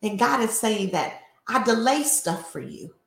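Gravelly older woman host, roomy sound. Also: medium pitch, sing-song, a little slow. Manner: conversational, preachy storytelling. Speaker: host and life coach. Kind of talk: faith talk show with testimony. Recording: roomy echo.

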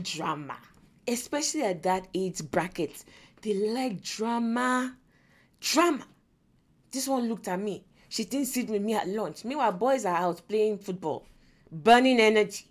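A woman in her forties with a Nigerian English accent hosts a faith-based parenting podcast. She tells stories in an animated way, acting out the lines of the people in them. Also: mid-range voice, moderate pace. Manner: animated storyteller who acts out quotes and laughs often. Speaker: podcast host.

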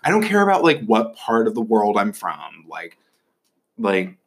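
Young guy hosting a chat, kinda low voice, rambly and sarcastic, swears a lot. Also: huge pitch swings, a little slow, breathy edge. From Northeast Ohio, US. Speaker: host. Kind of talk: casual chat.

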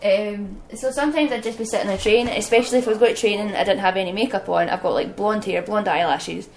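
A young woman, a wrestler, telling lively stories as an interview guest and laughing often. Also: medium pitch, fast talker, low-quality recording. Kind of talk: casual anecdotal storytelling.

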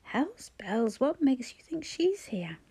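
A woman's voice: high-pitched, very animated, slow pace, dark tone, husky, pitched above the performer's own voice, exaggerated voice. A woman reading an audiobook, voicing a cantankerous scheming old man who bellows and mocks. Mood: blustering. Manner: blustering, mocking. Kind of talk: audiobook character voice.

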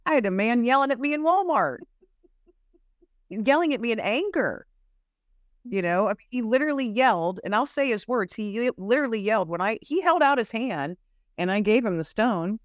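Speaking at a normal pace in a higher, expressive voice, a female guest recounts stories about her faith. She searches earnestly for words and frequently repeats herself. The recording is dry and studio quality.

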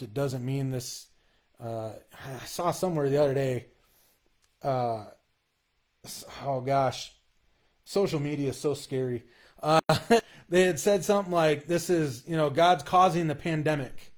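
A man talking through his faith in a relaxed conversation, earnest and a little halting. He often stops and restarts his sentences. His voice sits at an ordinary middle pitch.

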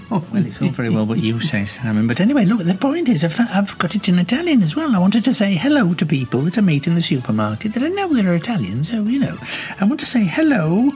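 A man's voice: high-pitched, huge pitch swings, fast, a little mellow, pitched above the performer's own voice. A man doing a giggly chatty old lady. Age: older. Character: chatty elderly woman living alone, giggly. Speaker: caller. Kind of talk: comic phone-in sketch.

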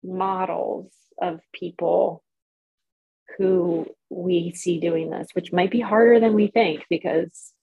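A woman co-hosting a podcast, telling a rambling, animated story in casual chat. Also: fairly low pitch, takes it slowly, gravelly, breathy edge, phone-quality sound. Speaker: podcast co-host.

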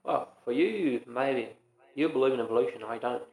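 A man's voice: mid-range voice, moderate pace, creaky, darkish tone, roomy sound, rough recording. A man co-hosting a podcast in casual chat, joking and teasing. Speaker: podcast co-host.

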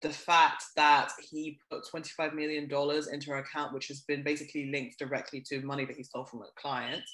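A blunt, gossipy podcast co-host chatting casually and getting animated when worked up. The room leaves a noticeable echo around the voice. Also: mid-range voice, brisk. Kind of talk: casual chat.

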